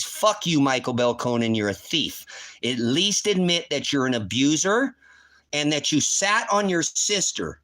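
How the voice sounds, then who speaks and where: A man's voice: fairly high pitch, lively intonation, normal speed, a bit bright. A man hosting a livestream, ranting in a heated, profane, accusing way. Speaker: livestream host. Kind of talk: angry livestream rant.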